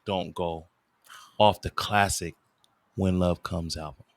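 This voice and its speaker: A man's voice: deep voice, steady tone, slow pace, no echo. A man hosting an interview, asking eager fan questions in a casual way.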